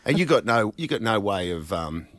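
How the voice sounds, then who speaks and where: A man's voice: lowish voice, sing-song, moderate pace, dry recording. Laid-back Australian man, casual banter. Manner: laid-back storytelling with slang. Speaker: radio host.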